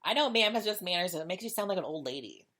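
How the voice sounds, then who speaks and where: A woman's voice: lowish voice, animated, very fast, sharp tone. A woman hosting her own podcast, talking candidly and chattily in a casual solo monologue, often repeating herself as she goes. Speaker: podcast host.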